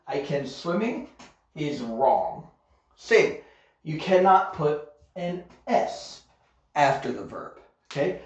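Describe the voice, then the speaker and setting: Slow, deliberate male English teacher. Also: fairly high pitch. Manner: slow, deliberate, models example sentences, frequent "okay?". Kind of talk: online grammar lesson. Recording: echoey room, dull lo-fi sound.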